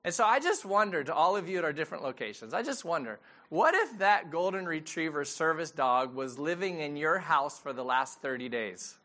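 A man's voice: on the high side, very animated, fairly quick, few pauses, bright, forceful tone. A middle-aged man, a pastor giving a sermon in a conversational storytelling way and asking the audience questions.

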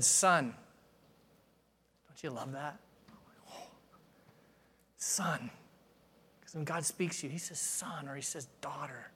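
A man, a pastor, preaching a sermon in a conversational way, asking the audience questions and moving between soft asides and emphatic declarations. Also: a little high.

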